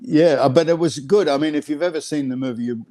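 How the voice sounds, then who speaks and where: A man's voice: a little high, fast talker, dark tone. A man from Australia, a guest actor telling anecdotes on a video call, with frequent laughs and fillers. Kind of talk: casual storytelling on a video call.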